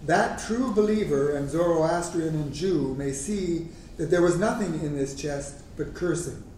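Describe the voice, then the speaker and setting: A man reading out the lines of a poor, defensive husband in a slow, even voice. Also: a little high, slight background noise, natural voice. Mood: aggrieved. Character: poor middle-aged husband, defensive and resentful. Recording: echoey room, mic far off.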